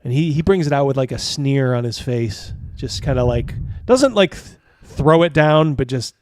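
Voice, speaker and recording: A man's voice: mid-range voice, animated, normal speed, darkish tone. Give me a man game master narrating a scene, rambling with fillers. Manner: rambling, filler-heavy, chuckling.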